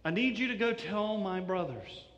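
A man voicing a calm teacher who gives a gentle instruction, in a preacher's retelling. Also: high-pitched, moderate pace, muffled recording. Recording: reverberant church hall.

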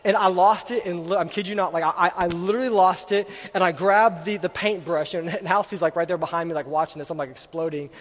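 A young man preaching as a pastor, telling a personal story casually with many fillers and rising excitement. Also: high-pitched, quick pace, hardly any pauses. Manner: grows loud and animated while telling the story. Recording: reverberant hall.

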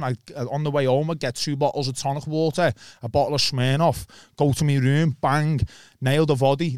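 A man's voice: on the high side, clean tone, no echo, clean studio sound. A man from Liverpool with a Liverpool accent, a podcast guest telling long rambling stories with lots of swearing and laughter. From Liverpool, England. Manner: energetic, rambling, heavy swearing, laughs often. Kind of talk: casual storytelling chat.

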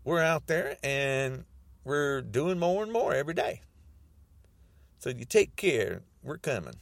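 A man's voice: mid-range voice, expressive, unhurried, creaky, no room sound. A man podcasting a ranting political monologue, mocking and repeating himself.

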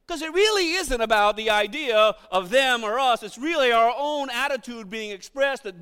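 Man, high voice, smooth resonant tone, preaching a sermon, animated. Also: normal speed, few pauses, big-room sound. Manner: animated, acts out quotes, shouts for emphasis. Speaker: pastor.

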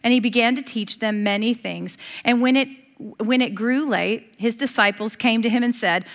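Animated, chatty woman preacher. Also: a little high. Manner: conversational, animated, quick to laugh. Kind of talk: sermon.

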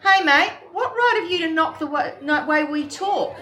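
A woman's voice: very high-pitched, lively intonation, moderate pace, pushed and bright, heavily acted. A woman playing a mouthy Australian bystander. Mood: scornful. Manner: coarse slangy talk. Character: rough-talking female bystander, mouthy and suspicious. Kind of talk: stage play acting. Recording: echoey stage with music.

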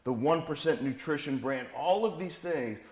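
A man's voice: fairly high pitch, moderate pace. A male podcast host who builds up emphatically to his interview questions. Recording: roomy echo.

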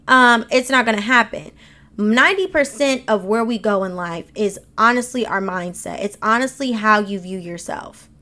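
Emphatic woman podcast host with AAVE. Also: mid-range voice. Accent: African American Vernacular English. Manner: emphatic, animated, speaks with slang. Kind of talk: motivational monologue.

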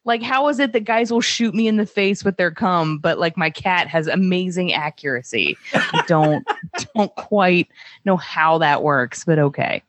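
A woman's voice: fairly low pitch, a little slow, a bit bright. A young adult woman, a comedian guest telling bawdy stories in casual podcast chat, laughing often as she talks.

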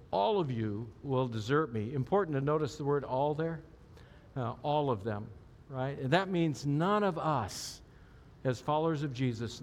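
Male pastor preaching in a reverberant hall. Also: mid-range voice. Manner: conversational, asks the audience questions. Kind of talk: sermon.

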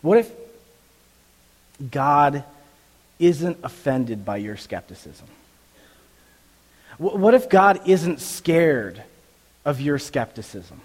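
A man's voice: a little high, animated, takes it slowly, long pauses, a little mellow. Male pastor preaching in a large hall. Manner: conversational, acts out voices in quoted dialogue. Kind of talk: sermon. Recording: long echo of a large hall.

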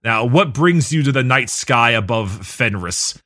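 A grumpy old male warrior, gruff and blunt with a dry amused streak, as a man puts him on while telling a story. The tone is bright and forceful, set a little higher than a plain talking voice. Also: expressive, a little slow. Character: grumpy ancient male warrior in a war machine.

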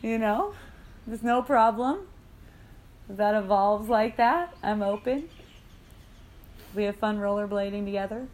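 A woman's voice: mid-range voice, a little slow, long pauses, darkish tone. A woman leading an in-person spiritual dialogue, telling light anecdotes with frequent laughter and quoted voices. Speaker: spiritual teacher. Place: indoor gathering room.

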